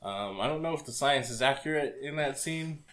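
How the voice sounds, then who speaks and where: A man's voice: mid-range voice, animated, moderate pace, fairly bright tone. A man co-hosting a podcast in casual chat, rambling with crude, jokey banter. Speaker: podcast co-host.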